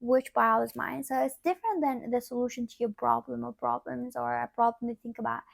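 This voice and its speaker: A woman with a sick, cracking voice giving a casual pick-a-card tarot reading, rambling and often trailing off quietly. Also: fairly high pitch, fairly even intonation, a little fast, vocal fry, no room sound. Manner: rambling, repeats "like", drops to quiet asides. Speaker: tarot reader.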